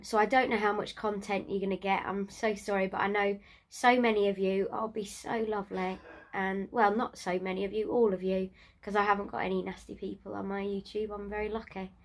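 A woman vlogging from her sickbed, nasal, exhausted and short of breath, talking in a halting, trailing way. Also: mid-range voice, little pitch movement. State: ill and exhausted, weak voice. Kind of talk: casual video diary. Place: in bed at home.

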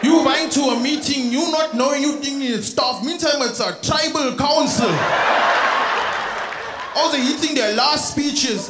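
A South African man from Durban doing a stand-up comedy set in a theatre, animated and slipping into mimicked voices. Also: extremely high pitch, a little slow. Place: large theatre stage. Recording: live theatre with audible crowd noise. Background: audience laughter.

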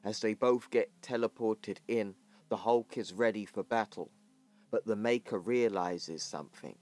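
A man hosting his channel, narrating a comic book story in plain, even storytelling and reading the characters' lines in his own voice. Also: fairly low pitch, unhurried, faint music behind. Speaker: channel host.

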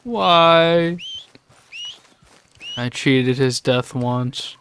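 A man's voice: medium pitch, steady tone, unhurried, fairly bright tone, a little hiss or hum. A young man streaming a video game, swearing, complaining and laughing in mock grief. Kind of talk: casual game commentary.

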